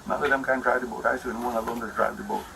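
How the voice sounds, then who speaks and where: A man's voice: mid-range voice, steady tone, fast talker, vocal fry, slight background noise, poor audio. A man rambling in an aggrieved, repetitive way as he complains to an officer about a domestic dispute. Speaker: husband explaining a domestic dispute. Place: indoors at a house.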